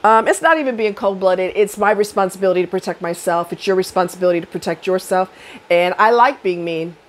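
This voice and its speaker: A middle-aged woman giving dating advice in a blunt, profane monologue to camera, rising loud and high when she rants. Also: brisk.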